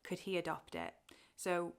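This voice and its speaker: A woman's voice: on the low side, very animated, measured pace, clean tone. A young woman from Wales chatting casually to camera about her cross-stitch, talking openly and getting emotional, with fillers and laughs.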